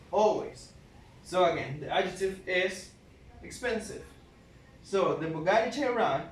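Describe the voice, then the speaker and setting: A man teaching an English grammar lesson, explaining slowly and repeating key points. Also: high-pitched. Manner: slow, repetitive, explains step by step. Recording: roomy, from far off, faint noise.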